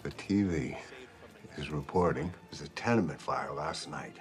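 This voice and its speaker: A man's voice: a bass voice, moderate pace. An actor playing an old retired male ex-hero, chatting fondly and chuckling on the phone, in a film clip with music. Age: older.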